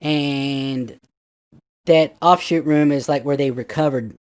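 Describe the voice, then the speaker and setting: Man telling a ghost story, animated. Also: on the high side, slow, clean tone. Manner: animated, acts out friends' voices, rambling with restarts. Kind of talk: casual spoken ghost story.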